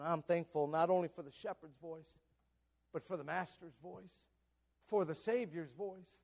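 A middle-aged pastor preaching in a church with a strikingly high voice. He swings from ringing, emphatic lines down to hushed, almost whispered ones. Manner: preaching with big swings from loud to near whisper. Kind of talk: sermon. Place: church sanctuary.

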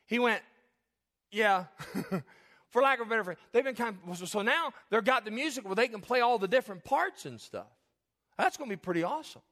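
A man preaching in a church, joking with the congregation, calling on people by name, then dropping into a soft, earnest tone. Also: very high-pitched, animated, quick pace. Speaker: pastor. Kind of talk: sermon. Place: church sanctuary.

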